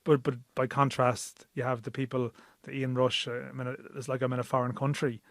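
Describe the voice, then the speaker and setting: An Irish man talking football on a podcast, musing his way through anecdotes with a few hesitations. His voice sits at an ordinary middle pitch. The recording is dry and close. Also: level tone, fairly quick, dry recording. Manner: conversational, rambling, thoughtful. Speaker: sports journalist on podcast. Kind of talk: casual sports podcast chat.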